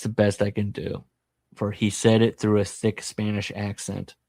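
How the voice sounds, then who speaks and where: Creaky low-voiced man retelling a plot. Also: a little slow, no room sound. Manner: animated retelling of a plot, with asides; jokey, self-deprecating. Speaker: podcast host. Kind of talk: casual book-discussion chat.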